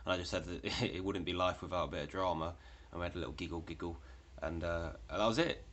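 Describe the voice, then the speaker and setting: Deep-voiced man rambling casually. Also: fast, fairly bright tone. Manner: rambling, frequent fillers and swearing. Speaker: vlogger. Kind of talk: casual storytelling monologue.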